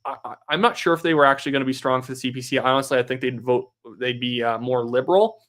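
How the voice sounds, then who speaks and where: A man's voice: medium pitch, quick pace, a bit bright. A young man in the middle of his range, talking loosely through live election-night commentary. He reads viewers' messages aloud and answers them off the cuff. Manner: casual, reads viewer donations aloud and reacts. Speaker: livestream host.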